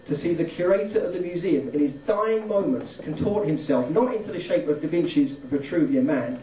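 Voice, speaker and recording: A man's voice: on the high side, lively intonation, moderate pace, mellow, slight background noise. A man doing a stand-up comedy set on a club stage, delivering dry one-liners with offhand asides. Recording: roomy club sound, distant from the mic. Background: audience laughter.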